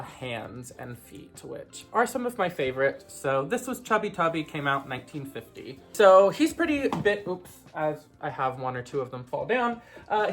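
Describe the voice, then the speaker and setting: A collector hosting a casual vlog about her vintage plush toys, talking in a rambling, conversational way with lots of fillers. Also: mid-range voice. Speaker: vintage toy collector vlogger.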